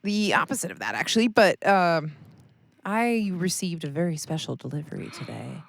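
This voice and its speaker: A woman's voice: lowish voice, very animated, normal speed, creaky, no room sound. A woman co-hosting a podcast in a parked RV, chatting casually, teasing and laughing often. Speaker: podcast co-host. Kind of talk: casual chat. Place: parked RV at a rest area.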